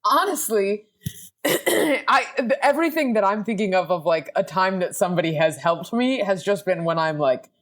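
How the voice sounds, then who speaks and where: A woman's voice: medium pitch, expressive, moderate pace. Rambling self-deprecating young woman. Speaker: podcast guest, comedian. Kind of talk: casual chat, storytelling.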